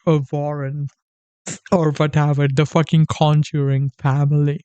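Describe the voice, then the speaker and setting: A man's voice: a little high, darkish tone, clean tone, dry recording. A man doing sarcastic reaction commentary, mocking fear and repeatedly breaking into laughter, swearing often. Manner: sarcastic mock terror, keeps breaking into laughter. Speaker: streamer reacting to videos. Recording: slightly dull lo-fi audio.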